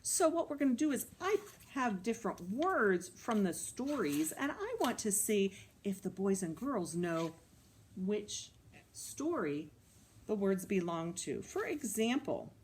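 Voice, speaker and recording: Reading aloud to children in a library room, a woman coaxes them along with questions in a lively manner. Her voice is medium-pitched, slightly rough and unhurried.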